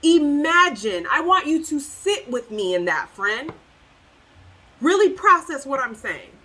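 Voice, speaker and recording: A woman's voice: high-pitched, very animated, unhurried, pushed and bright, low-quality recording. A woman giving a tarot reading to the viewer, emphatic and preachy, repeating phrases for effect and breaking into sassy, incredulous outbursts. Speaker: tarot reader.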